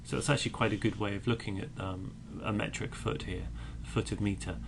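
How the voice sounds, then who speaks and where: Male teacher, low gravelly voice, patient podcast poetry lesson. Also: steady tone, a little fast, hardly any pauses, background noise. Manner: explains patiently, beats out stresses aloud.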